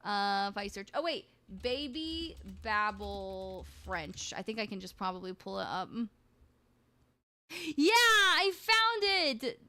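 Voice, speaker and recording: A woman's voice: mid-range voice, unhurried, few pauses, fairly bright tone. A woman streaming live, chatting in a rambling, jokey way full of crude banter. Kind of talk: casual livestream chat.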